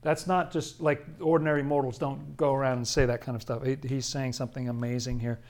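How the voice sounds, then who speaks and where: A man's voice: mid-range voice, level tone, fairly quick, darkish tone. A man leading a Bible study, commenting on scripture in a casual, chatty way with frequent chuckles and emphatic asides.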